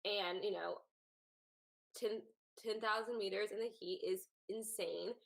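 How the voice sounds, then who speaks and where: A woman's voice: medium pitch, steady tone, unhurried, vocal fry, a bit bright, rough recording. A woman co-hosting a casual live chat who recaps events in a rambling, conversational way. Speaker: co-host.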